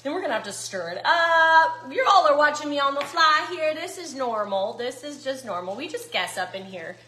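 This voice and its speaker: A woman's voice: high-pitched, lively intonation, moderate pace, sharp tone, roomy sound. A woman chatting casually to viewers while cooking in her home kitchen. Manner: chatty, folksy, talks to viewers as y'all. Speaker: cooking vlogger.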